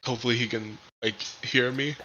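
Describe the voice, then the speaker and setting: A man's voice: mid-range voice, fairly even intonation, a little fast, bright, forceful tone, muffled recording. A man playing a tabletop game, talking eagerly and pleadingly with the game master. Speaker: player. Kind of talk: casual tabletop game play.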